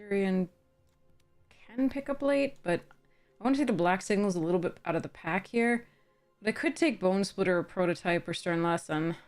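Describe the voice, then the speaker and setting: A young woman chats with her stream audience while she drafts cards, thinking out loud and greeting viewers. Her voice sounds a little tired, and soft music plays behind her. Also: medium pitch, normal speed. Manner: chatty, thinks aloud, greets chat warmly.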